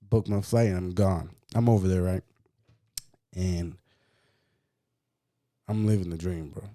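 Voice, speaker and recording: A man co-hosting a podcast, telling a personal story in a casual, profane, animated way and acting out what others said. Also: sits low, a little slow, no room sound. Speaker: podcast co-host.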